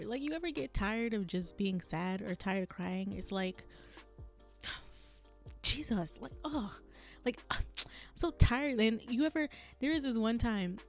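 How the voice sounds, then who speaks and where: A woman's voice: mid-range voice, darkish tone. A young woman hosting a solo podcast, venting in a candid, rambling way, swearing freely and laughing at herself, her voice strained from a long day of recording. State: strained, burning vocal cords. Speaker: podcast host.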